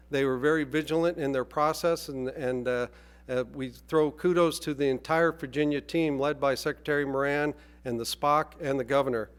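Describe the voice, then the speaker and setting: A man delivers a formal, measured speech from a podium. His voice sits a little high for a man, and he pauses now and then with a hesitant "uh.". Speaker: executive speaking at a press event.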